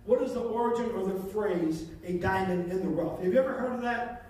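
A man with a very high voice delivers a fervent sermon, hammering phrases again and again. He sounds set back from the microphone, and his words ring through a big, echoing church hall. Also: fairly quick, darkish tone. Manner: fervent, repeating phrases for emphasis. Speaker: pastor. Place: church sanctuary. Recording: echoey hall, voice from far off.

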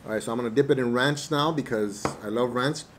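A man doing a casual eating review to camera, relaxed and hesitant, with many fillers and chewing pauses, a little away from the mic. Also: mid-range voice, slight background noise. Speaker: mukbang vlogger. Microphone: camera mic at table distance.

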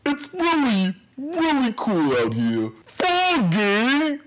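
Man voicing gentle dim giant cat, stretched words, swooping pitch. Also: huge pitch swings, full character voice. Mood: dopey. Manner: drawn-out, dopey.

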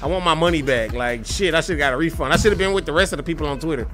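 A young man with a fairly high voice delivers rapid-fire commentary while streaming a fighting game. It's profane and frustrated, full of trash talk toward enemies, venting to chat and loud outbursts.

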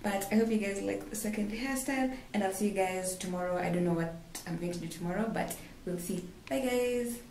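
A woman's voice: mid-range voice, brisk, hardly any pauses. A young woman vlogging casually from home, chatty and self-mocking, laughing often as she talks to her camera. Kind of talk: casual vlog chat. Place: home bathroom. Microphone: camera set nearby. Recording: clear background music under the voice. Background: background music.

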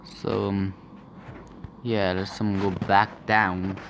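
A man's voice: deep voice, flat delivery, slow, noisy background. Casual young man playing through a game. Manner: casual, hesitant, many ums. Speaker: gameplay commentator. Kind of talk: let's play commentary.

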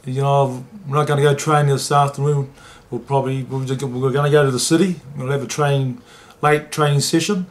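A man, a former rugby league player telling an emotional story in an interview and getting lively when he quotes others. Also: medium pitch, a little fast, few pauses. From New Zealand.

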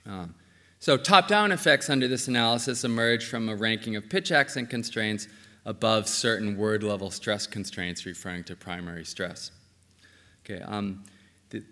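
A man delivers an academic talk in a lecture hall, his voice on the low side. He explains each step with frequent ums and a steady "okay" between points, and the room leaves a long echo. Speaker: linguistics lecturer. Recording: reverberant hall.

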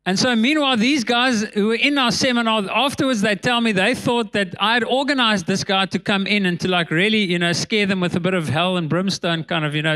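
A man, a pastor telling a story in a sermon, animated and laughing between lines. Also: brisk, hardly any pauses. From South Africa. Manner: animated, laughs between lines, drops voice low for tense moments.

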